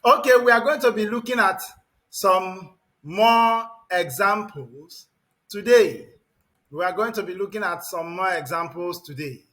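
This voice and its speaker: A man teaching English pronunciation to a class, repeating words slowly and emphatically and calling on students by name. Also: high-pitched, pushed and bright. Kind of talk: classroom lesson.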